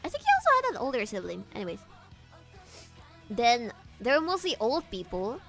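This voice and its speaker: A woman streamer chatting casually with her viewers, animated, laughing often and swearing freely, with faint guitar music behind. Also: fairly high pitch, moderate pace. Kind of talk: casual livestream chat.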